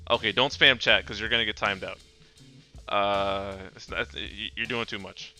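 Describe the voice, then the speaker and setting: A man's voice: on the low side, steady tone, moderate pace, bright, forceful tone, faint music behind. A man hosting a casual gaming rant chat, joking, swearing and stammering through restarts. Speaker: podcast host.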